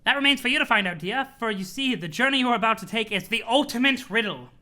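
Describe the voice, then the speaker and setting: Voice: medium pitch, lively intonation, fast talker, pushed and bright. A streamer voicing a doting old grandmother ghost sprite in a webcomic read-aloud, sweetly patronizing and theatrical. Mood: mock-sinister.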